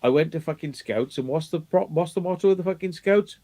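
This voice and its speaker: A man's voice: fairly high pitch, a little fast, dark tone. A man in casual chat, ranting emphatically and swearing a lot.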